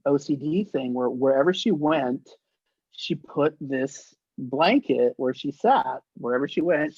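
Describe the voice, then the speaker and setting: A man spinning profane anecdotes in a lively, laughing way, his voice sitting a little high for a man. The recording is dry and slightly muffled, close and free of room sound. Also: creaky, dry recording. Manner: animated, profane, laughing through his stories. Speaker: guest, actor and effects artist. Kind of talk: casual anecdotal storytelling.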